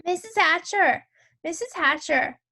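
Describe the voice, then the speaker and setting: A woman's voice: high voice, animated, slow pace, gravelly, pushed and bright, full character voice. A woman reading a storybook aloud and voicing a bossy, pushy schoolgirl who talks in an eager, wheedling way.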